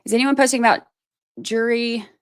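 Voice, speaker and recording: A woman's voice: fairly high pitch, fairly even intonation, a little fast, clear, resonant tone. A woman hosting a livestream, chatting casually about a court case. She rambles, thinks aloud and fills her talk with "like" and "you know.". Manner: self-deprecating, thinks aloud. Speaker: livestream host commenting on a trial. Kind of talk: casual livestream commentary, reading chat aloud.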